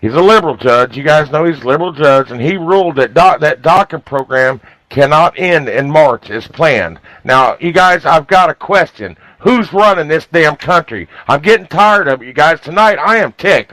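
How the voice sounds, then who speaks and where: A man hosts a call-in radio show in a folksy, heated way. His voice sits a little high and sounds dry and close to the mic. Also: expressive, normal speed, few pauses, a bit bright, dry recording, rough recording. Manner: folksy, fired-up, keeps saying "you guys". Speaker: radio talk show host. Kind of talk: talk radio chat.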